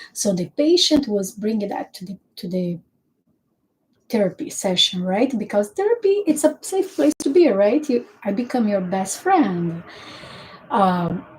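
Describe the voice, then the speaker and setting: Woman therapist, earnest explainer in a casual relationship talk, slow and unhurried delivery. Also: medium pitch, mellow, poor audio.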